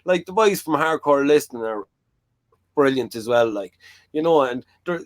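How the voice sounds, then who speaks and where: A man's voice: mid-range voice, expressive, normal speed, no echo. Frank rambling man, dry close sound. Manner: rambling, frank, fillers like "like" and "you know". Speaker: talk show host. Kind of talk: casual chat.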